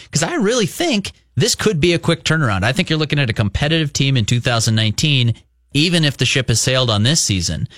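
A man's voice: medium pitch, very animated, fast talker, fairly bright tone, dry recording. Male sports reporter, analytical, long explanations, dry studio sound. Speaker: baseball reporter guest. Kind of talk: casual sports radio chat.

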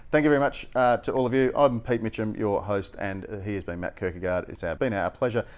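Wry podcast co-host. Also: male voice, on the low side, quick pace, clear, resonant tone. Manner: wry, joking asides. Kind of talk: casual podcast chat.

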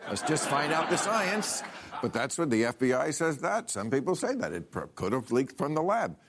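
An older man hosting a talk show delivers a sardonic stand-up monologue with punchy jokes in a TV studio with a live audience. His voice is slightly high, husky, and sing-song at a moderate pace. Loud crowd laughter and applause fill the recording.

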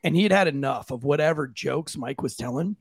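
Gravelly husky guy on a podcast, laughs a lot, swears, dry sound. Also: a little high, brisk, no room sound. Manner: laughing, storytelling, swears freely. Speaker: podcast host. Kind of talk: casual chat.

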